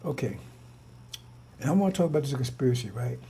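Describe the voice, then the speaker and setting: A man's voice: mid-range voice, lively intonation, fast, vocal fry, mellow, a little hiss or hum. A man giving an informal religious talk, rambling and repetitive, full of rhetorical questions. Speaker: preacher.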